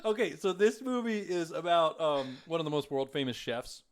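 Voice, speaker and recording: A young man co-hosts a podcast, telling stories animatedly in casual chat and laughing often. His voice is fairly high and moves at a moderate pace.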